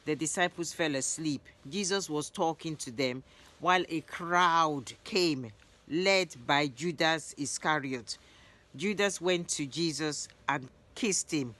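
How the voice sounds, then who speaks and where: A woman narrating Bible stories in a lively retelling, raising her voice for the quoted lines. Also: low voice, slow pace. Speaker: Bible storyteller.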